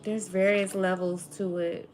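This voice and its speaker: A woman reads tarot cards aloud for her viewers in a slow, unhurried, rambling way. She is emotional and says "like" a lot. Soft music plays faintly behind her. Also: medium pitch, little pitch movement. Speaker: tarot reader. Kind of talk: spiritual tarot reading to viewers.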